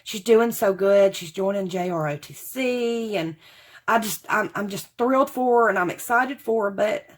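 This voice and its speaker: With a mid-range voice at a moderate pace, a woman who makes craft haul videos rambles casually to camera about her purchases. She addresses her viewers as y'all.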